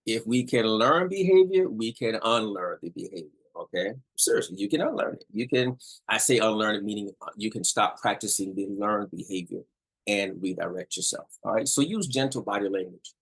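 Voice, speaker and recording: A lowish but fairly bright voice belongs to a middle-aged man speaking at a moderate pace with lively intonation, though the audio is poor. He casually instructs viewers on relationship communication, emphasizing and repeating points and checking in with "all right?".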